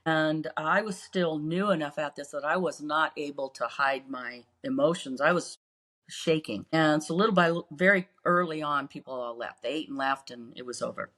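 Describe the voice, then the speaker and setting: Lower-voiced woman telling a painful story. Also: moderate pace, fairly bright tone. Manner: earnest, re-lives painful memories, acts out quotes. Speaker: podcast co-host. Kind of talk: casual storytelling.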